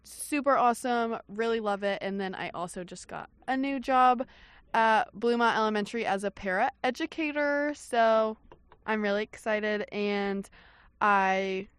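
A woman's voice: mid-range voice, measured pace, a bit bright, smooth, no room sound. Bubbly young woman co-hosting campus radio. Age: young adult. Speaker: radio show co-host. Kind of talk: casual radio chat.

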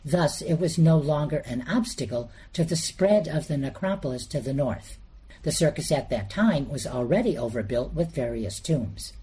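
A man reading a scripted documentary narration, measured and explanatory, steadily working through names and dates. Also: a little high, animated, dark tone, husky.

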